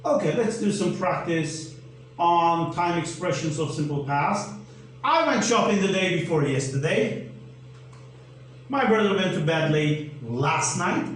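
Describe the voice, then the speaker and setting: Slow, high-voiced man teaching grammar. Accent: Turkish. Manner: deliberate, spells out letters, asks then answers his own questions. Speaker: English teacher. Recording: echoey room, mic at a distance, faint hum.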